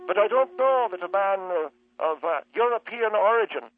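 A man putting on a soft-spoken old priest in his eighties, patient and a little halting, calling in on a tinny phone line. His voice sits very high for a man. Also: animated, a little hiss or hum. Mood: patient, gently reproving. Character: elderly male Catholic priest, calm and patient. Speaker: caller. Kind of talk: comic radio call-in character.

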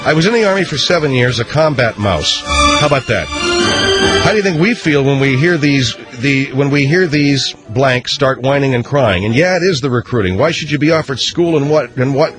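On his radio show, a man reads letters from listeners out loud and tosses in sarcastic remarks. He's a wisecracker whose pitch wanders up and down as he goes through the mail.

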